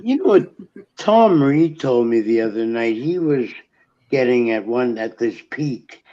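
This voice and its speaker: A man's voice: mid-range voice, animated, unhurried, warm tone, highs cut off. A man joining a casual live-stream chat, mostly short remarks and questions. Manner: brief interjections, asks questions.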